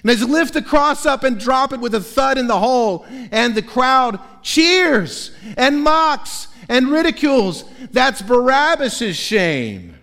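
A high-pitched male pastor preaches slowly and deliberately, drawing out his sentences. He tells the story dramatically, rising loud, then dropping almost to a hush. His voice rings with the long echo of a large church sanctuary. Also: very animated. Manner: dramatic storytelling, swinging between loud and hushed. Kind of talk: sermon. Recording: long reverb of a large hall.

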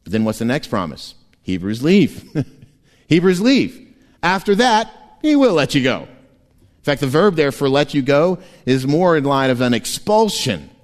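A man preaching a sermon as pastor, animated and playful, often laughing and slipping into quick voices. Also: medium pitch. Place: church sanctuary. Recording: long church hall reverb.

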